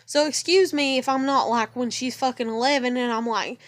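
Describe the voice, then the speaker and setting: A woman's voice: sits high, fairly even intonation, normal speed. A worn-out woman venting in a casual monologue, ranting with plenty of swearing and sounding near tears. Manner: profane, exasperated ranting. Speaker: vlogger.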